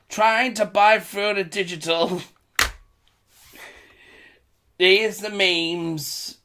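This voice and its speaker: A man's voice: sits high, takes it slowly, pauses often, sharp tone. A British man talking in a casual, rambling commentary vlog. He repeats himself and chuckles between remarks. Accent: British English. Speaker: vlogger.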